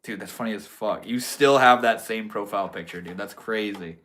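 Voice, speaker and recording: A man's voice: lowish voice, moderate pace, fairly bright tone. A young man from Maine hosting a casual livestream, chatting in a slangy, laid-back way and answering viewers. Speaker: livestream host.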